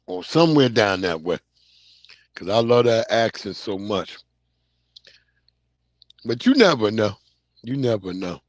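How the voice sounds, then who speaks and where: Hosting a livestream, a Long Island man in his thirties or forties responds to chat comments casually and loosely, using plenty of slang. He has a mid-range voice, captured in a dry recording.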